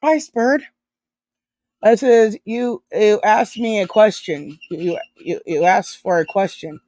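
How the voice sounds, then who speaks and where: A woman's voice: medium pitch, slow pace, darkish tone, no echo. A woman live streamer chatting casually and reading out chat messages, rambling, swearing freely and breaking into giggles often.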